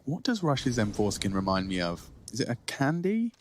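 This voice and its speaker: A man's voice: mid-range voice, huge pitch swings, moderate pace, slight background noise. Jokey male esports co-caster. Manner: jokey, playful banter. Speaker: esports color commentator. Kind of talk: live esports commentary and banter.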